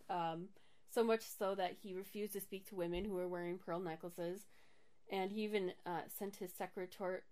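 A woman's voice: medium pitch, a little mellow. Giggly woman chatting on a podcast. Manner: giggly, laughs often while reading out facts. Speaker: podcast co-host. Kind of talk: casual chat.

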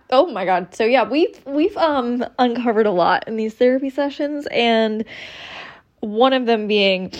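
Slow, rambling woman podcaster. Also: mid-range voice, lo-fi sound. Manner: rambling, frequent ums and restarts, candid and confessional. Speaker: podcast host. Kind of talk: casual solo podcast monologue.

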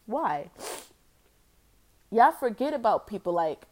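A woman's voice: fairly high pitch, big pitch swings, slow, darkish tone. A young woman vlogging an opinion rant, blunt and exasperated, firing off rhetorical questions. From United States.

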